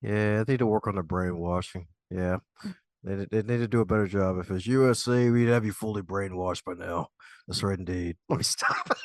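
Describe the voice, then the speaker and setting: A man's voice: lowish voice, dry recording, clean studio sound. Hyped-up male podcast host. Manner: hype-man delivery, catchphrase repeating. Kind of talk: energetic podcast interview with playful patter.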